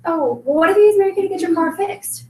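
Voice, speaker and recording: A woman's voice: extremely high pitch, fast talker. A woman leading a sales team meeting, chatty and bubbly, full of "like" and "um". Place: meeting room, indoors. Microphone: recorded from across the room. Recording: echoey room from far off.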